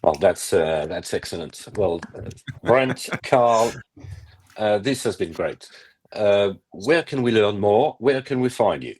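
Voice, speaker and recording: Man, very low voice, podcast host, short wrap-up remarks. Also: expressive, slow pace, a little mellow. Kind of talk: hosting a podcast interview.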